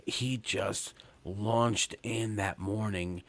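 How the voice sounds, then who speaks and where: A man's voice: on the low side, fairly even intonation, drawn-out words, vocal fry. A man in his forties from Long Island, telling a rambling, profane story on a comedy podcast, full of fillers and restarts. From Long Island, New York. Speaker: podcast co-host.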